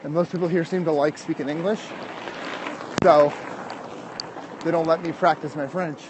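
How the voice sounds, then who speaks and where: A man's voice: fairly high pitch, steady tone, moderate pace, noisy background. Breathless American man vlogging uphill. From United States. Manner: chatty, answers viewer comments while walking. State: out of breath from climbing. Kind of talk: casual livestream chat. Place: outdoors on steep city streets. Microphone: phone livestream.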